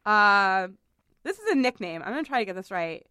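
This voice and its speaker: A woman's voice: medium pitch, expressive, fairly quick, sharp tone, clean tone, dry recording, clean studio sound. A woman hosting a podcast in casual chat, talking chattily, often laughing and apologizing. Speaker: podcast host.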